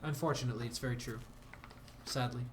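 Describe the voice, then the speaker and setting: A man's voice: medium pitch, steady tone, quick pace, a little hiss or hum. A man streaming a game, chatting casually and rambling, self-deprecating, with bursts of mock outrage. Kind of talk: casual game livestream commentary.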